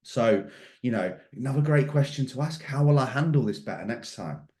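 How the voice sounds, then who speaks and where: A middle-aged mindset coach gives a motivational talk in an echoey room, speaking emphatically and repeating questions often. His mid-range voice is animated and a little mellow, at a moderate pace.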